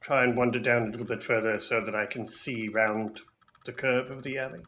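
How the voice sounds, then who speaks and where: A man's voice: mid-range voice, flat delivery, brisk, bright, forceful tone. A man playing a tabletop role-playing game, speaking in character with hesitant, stammering restarts. A faint bed of noise sits behind his voice. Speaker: player.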